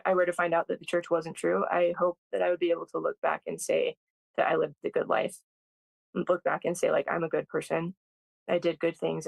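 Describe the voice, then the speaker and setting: A guest in their thirties tells a personal story in a thoughtful, hesitant way, with many pauses and restarts. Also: medium pitch, vocal fry, dry recording, low-quality recording. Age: 30s. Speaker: podcast guest.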